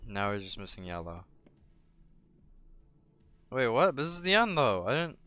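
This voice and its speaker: A man's voice: medium pitch, big pitch swings, unhurried, sharp tone. A young man commentating his gameplay, trash-talking and yelping when startled. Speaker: gaming streamer.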